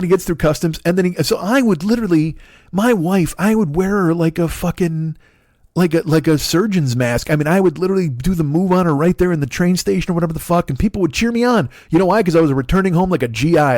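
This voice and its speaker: A man's voice: a little high, fast talker, darkish tone, no echo, clean studio sound. A man in his forties, a comedian hosting a podcast, delivering a profane, rambling comic monologue with frequent restarts. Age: 40s.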